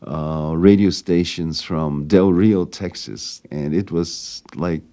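A man recalling his childhood in a relaxed interview. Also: low-pitched, slow pace. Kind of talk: reminiscing interview.

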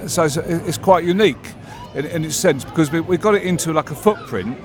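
A man's voice: on the high side, brisk, crowd noise. An older man, a theme park owner, being interviewed outdoors in a genial, rambling way. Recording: outdoor recording with loud music.

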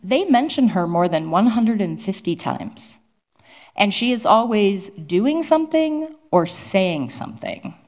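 A woman historian answering interview questions at a public event, telling stories in an animated, explanatory way. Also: medium pitch, unhurried.

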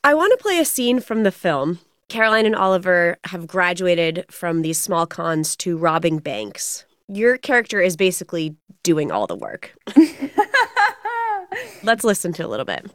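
A woman hosting an interview, upbeat and quick to laugh. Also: lowish voice, animated, fairly bright tone, no room sound, studio quality.

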